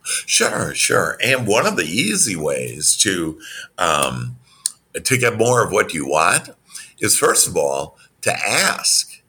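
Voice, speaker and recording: Deep gravelly man coaching with animation. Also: takes it slowly. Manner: animated, acts out quoted dialogue in a higher voice; spiritual self-help phrasing. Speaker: business coach. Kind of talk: motivational interview answers.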